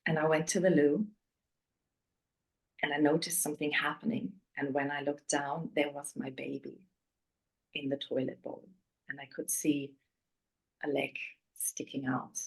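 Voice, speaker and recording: A woman interviewed as a guest, candidly telling a painful personal story, often dropping to a hushed voice. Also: deep voice, little pitch movement, measured pace, creaky, long pauses, low-quality recording.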